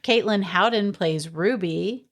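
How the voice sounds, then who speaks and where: A woman's voice: mid-range voice, takes it slowly. Giggly chatty woman podcast co-host. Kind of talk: casual chat, reading cast credits.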